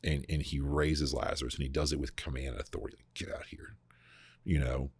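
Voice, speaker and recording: Very deep-voiced, husky man teaching casually. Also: quick pace, no echo. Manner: animated, full of restarts and repeated words. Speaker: podcast host discussing scripture. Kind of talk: casual conversational Bible teaching.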